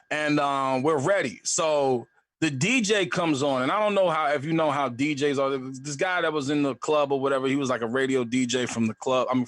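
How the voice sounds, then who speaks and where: A young adult man telling a comic story in a live storytelling show, animated and acting out other voices. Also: mid-range voice, dry recording. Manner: animated, acts out voices in a loud hype.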